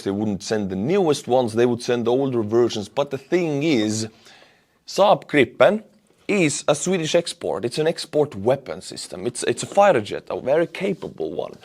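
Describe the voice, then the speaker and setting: A man, giving blunt, emphatic solo commentary on war news and pushing into indignant outbursts. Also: medium pitch. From Estonia.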